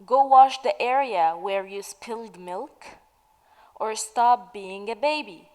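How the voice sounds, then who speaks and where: A woman teaching the meaning of idioms in a slow, patient way, asking questions and then answering them. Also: a little high, lively intonation, long reverb tail, poor audio. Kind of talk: slow explanatory lesson narration.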